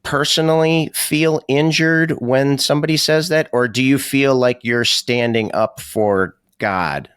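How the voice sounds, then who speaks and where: A man's voice: medium pitch, a little slow, hardly any pauses, fairly bright tone, smooth, dry recording, studio quality. A man co-hosting a podcast who asks probing questions in a careful, considerate way. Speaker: podcast co-host. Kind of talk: casual podcast discussion.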